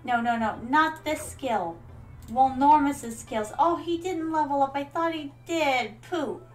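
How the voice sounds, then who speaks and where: High-voiced playful woman streamer. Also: a little slow, soft background music, rough recording. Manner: playful, theatrical, calls viewers "my darlings". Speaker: VTuber streamer. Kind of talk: casual gameplay commentary.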